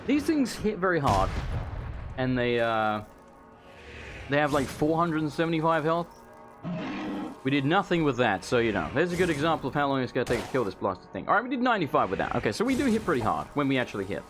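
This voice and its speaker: This is a man's relaxed let's-play commentary, chatty and meandering. His pitch jumps around a lot as he reacts to the game, and he swears casually. Soft game music plays quietly behind his voice. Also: fairly quick. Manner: rambling and chatty, swearing, eating while talking.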